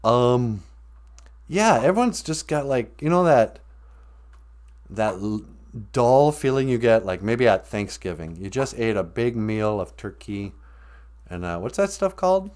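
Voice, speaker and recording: A man's voice: medium pitch, sing-song, measured pace, a little mellow. A man from Minnesota, telling a loose, joking, rambling story on a live stream.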